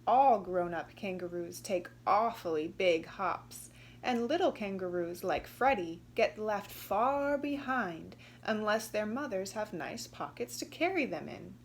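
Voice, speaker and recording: Slow, expressive woman reading a storybook. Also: medium pitch, slight background noise. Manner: expressive, gently emphatic. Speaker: storybook reader. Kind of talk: children's storybook read-aloud.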